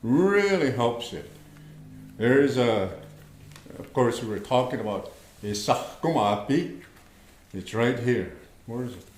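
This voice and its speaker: A man teaching an online language class, speaking slowly and patiently, repeating words and checking in with his students. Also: mid-range voice, lively intonation, reverberant. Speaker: language instructor.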